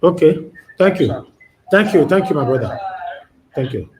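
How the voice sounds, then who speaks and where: Nigerian guy hosting, polite quick thank-yous to callers. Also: on the high side, lively intonation, a little mellow. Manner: brief, courteous acknowledgments. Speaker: host. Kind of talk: call-in show hosting.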